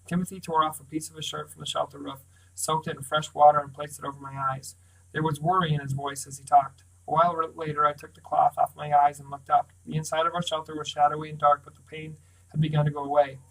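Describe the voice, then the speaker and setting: A man reading a novel aloud in first person, with even, steady narration. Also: fairly high pitch, fast, creaky, rough recording. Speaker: audiobook reader.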